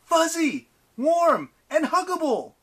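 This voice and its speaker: A man voicing a defiant teenage boy hero in an audiobook, shouting loud, high-pitched taunts. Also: wildly swooping pitch, slow pace, exaggerated voice. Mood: taunting.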